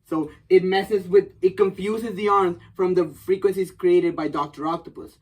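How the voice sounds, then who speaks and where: A man hosting a comic book podcast, excitedly retelling a story and swearing casually. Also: sits high, moderate pace, distant mic. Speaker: podcast host recapping a comic. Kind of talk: casual chat.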